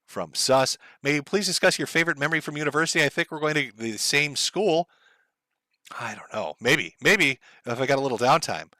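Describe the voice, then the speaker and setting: A man's voice: fairly high pitch, animated, a little fast, sharp tone, dry recording. A man hosting a livestream, ranting in a profane, heated, sarcastic way and reading out viewer messages. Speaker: livestream host.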